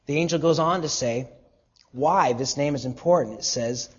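A man delivering a sermon as pastor, his voice pitched high and slightly husky. He preaches earnestly, pushing key words up with force and then dropping to a hush. The recording sounds dull and lo-fi. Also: normal speed. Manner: earnest preaching with emphatic rises and hushed drops.

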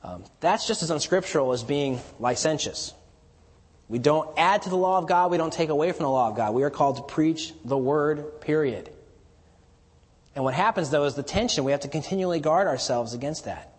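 Husky-voiced preacher in a reverberant hall. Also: male voice, lively intonation, a little fast. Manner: teaching verse by verse, rising to emphatic declarations then dropping low. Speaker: pastor. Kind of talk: expository sermon.

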